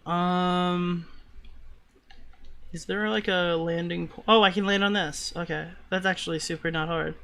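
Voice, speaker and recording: A man's voice: high voice, steady tone, a little slow, creaky, pauses often, sharp tone, slight background noise. Profane New York streamer man. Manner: casual, profane, frustrated outbursts at the game. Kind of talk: live gaming stream chat.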